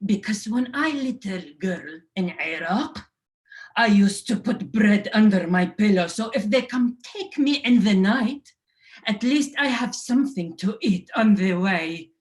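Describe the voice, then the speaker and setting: A woman's voice: medium pitch, lively intonation, unhurried, voice pushed up, lightly acted. Stand-up impression: woman as her stern mom, insistent and grave. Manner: grave, hushed then insistent. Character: stern immigrant mother from Iraq.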